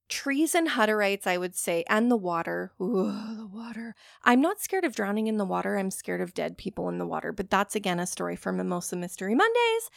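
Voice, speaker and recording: A woman's voice: mid-range voice, gravelly, no echo. Woman, forties, rambling podcast monologue, casual swearing, dry close sound. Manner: candid, rambling, swears freely. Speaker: podcast host.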